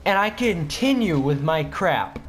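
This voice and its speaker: A man's voice: fairly high pitch, expressive, unhurried. A teenage boy telling a story from school in a casual vlog, rambling and joking, often stopping to correct himself. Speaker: student vlogger.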